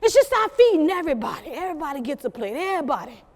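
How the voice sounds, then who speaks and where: A woman's voice: sits high, very fast, big-room sound. A woman, telling stories live and teasing the listeners as she talks to them. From South Carolina. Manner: lively, teasing, talks straight to the crowd. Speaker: storyteller. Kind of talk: live storytelling to an audience. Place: museum program room.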